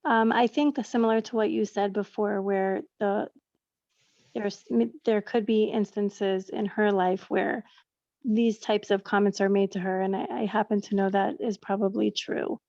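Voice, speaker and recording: Gravelly-voiced woman teacher on a call. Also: mid-range voice, steady tone, measured pace, a little mellow, no echo, lo-fi sound. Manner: searching, full of fillers and rephrasing. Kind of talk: question from a webinar attendee.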